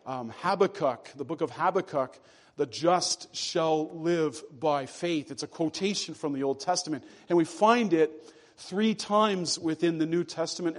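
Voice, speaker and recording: A pastor preaches a sermon in a fairly high voice, earnest and deliberate. To drive home each key phrase, he slows down and drops his voice low.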